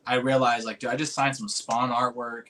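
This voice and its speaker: His voice is medium-pitched, bright, and forceful, with little pitch movement and a normal pace. Casually recounting a personal story, he rambles with "like" and "dude," curses freely, and becomes earnest and emotional at the moving parts.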